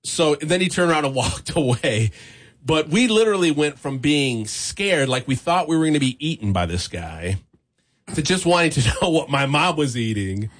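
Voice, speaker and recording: A man's voice: on the high side, moderate pace. A man casually telling a long story on a talk show, full of fillers and restarts. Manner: rambling, animated storyteller with many fillers.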